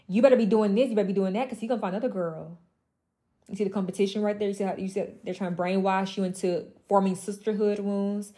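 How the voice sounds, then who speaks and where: A woman's voice: medium pitch, steady tone, quick pace, mellow. A young woman mentoring other women in an impassioned motivational monologue, emphatic and blunt, with profane, mocking asides.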